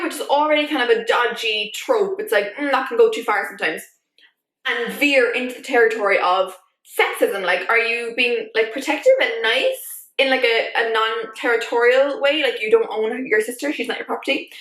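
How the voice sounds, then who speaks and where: Chatty, animated woman in an echoey room. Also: fairly high pitch. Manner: chatty, animated, many fillers like "like". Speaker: YouTube vlogger. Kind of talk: casual opinion vlog.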